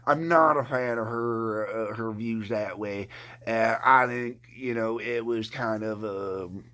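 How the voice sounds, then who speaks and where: A man's voice: fairly low pitch, slow pace, fairly bright tone. A man from Canada ranting to camera, profane and rambling, often stumbling over his words. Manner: profane, rambling, stammering rant. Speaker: vlogger.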